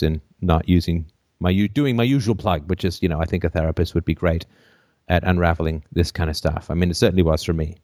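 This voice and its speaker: A call-in host with a low man's voice talks through a caller's problem at length. He slips into joking bits and acted-out lines as he goes. The sound is dry and close. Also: no room sound. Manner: animated, acts out silly voices and jokes. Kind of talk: call-in show advice talk.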